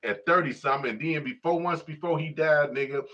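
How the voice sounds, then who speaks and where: A man's voice: on the high side, a little fast, sharp tone. A man hosting a casual livestream, talking in a profane, rambling way full of fillers and asides to viewers. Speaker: livestream host. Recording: distant lo-fi livestream audio.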